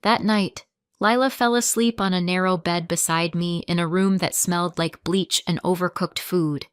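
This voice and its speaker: A woman narrating a first-person dramatic story, earnest and quietly tense, on a close mic. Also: on the low side, fairly even intonation, normal speed, clear, resonant tone, no echo.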